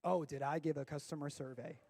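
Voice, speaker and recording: Animated high-voiced youth pastor. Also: male voice, brisk. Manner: animated storyteller, bursts into shouting for effect. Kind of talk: youth sermon with storytelling.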